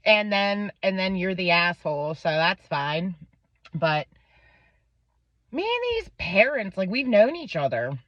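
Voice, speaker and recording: A woman's voice: on the low side, dry recording. A woman in her thirties from Pennsylvania, casually telling a profane story about her kid and acting out the people in it. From Pennsylvania, USA. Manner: profane, animated retelling with quoted voices. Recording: dull lo-fi dry recording.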